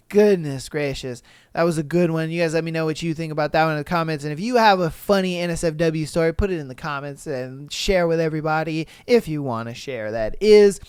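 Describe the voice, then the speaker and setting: Male podcast host, relaxed and slangy, smooth clear voice, dry mic. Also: fairly high pitch, no echo. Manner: laid-back, slangy, laughs often. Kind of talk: casual podcast chat reading listener stories.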